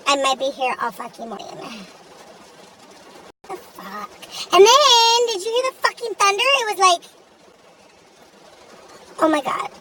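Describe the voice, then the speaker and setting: A young woman voicing a sassy, foul-mouthed young woman in an animated gacha video, ranting in an exasperated, profane way. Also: sits high, unhurried, long pauses, distant mic, slight background noise, exaggerated voice. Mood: irritated. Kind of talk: comedic rant monologue.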